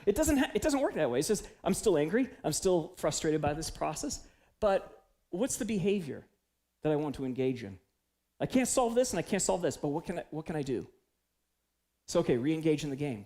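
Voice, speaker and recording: A man delivers a conversational church sermon, telling candid personal stories and acting out his own inner voice. His voice sits a little high and carries a gravelly, fry-tinged texture. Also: expressive, normal speed, a little mellow. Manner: confessional, storytelling, acts out his own inner voice. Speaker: pastor. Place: church sanctuary.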